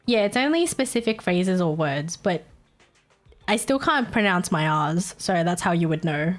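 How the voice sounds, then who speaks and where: An Australian woman chatting casually on a live stream, giggling constantly and swearing freely. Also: lowish voice. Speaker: livestreamer.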